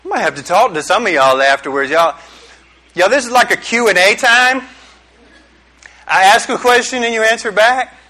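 A middle-aged man preaches to a small group in a loose, joking way. He keeps firing questions back at his listeners. His voice sits a little high and rings bright and forceful. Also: lively intonation, moderate pace, pauses often. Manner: joking, chatty, quizzes the audience. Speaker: youth pastor. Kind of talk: casual youth sermon.

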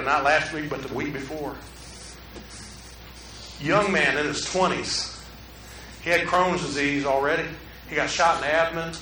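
A middle-aged man, preaching a sermon to a room, swinging from hushed to loud. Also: a little high, roomy sound, recorded from a distance, a little hiss or hum, rough recording. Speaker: pastor. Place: room with an audience.

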